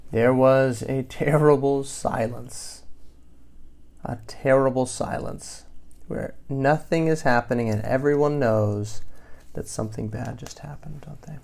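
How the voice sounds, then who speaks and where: A father reading a picture book aloud to his child, gently stopping to explain the story and answer questions. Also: mid-range voice, fairly even intonation, slow, vocal fry.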